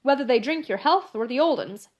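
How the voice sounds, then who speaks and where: A woman voicing a gruff, hoarse working-class Englishman in an audiobook, grumbling and lower than her own voice. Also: expressive, brisk.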